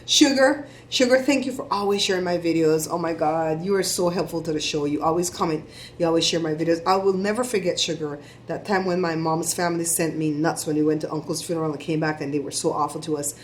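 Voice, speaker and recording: A middle-aged woman vlogger giving chatty, animated shout-outs to her viewers. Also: deep voice, fast talker, slight background noise. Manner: chatty, animated storytelling with laughs.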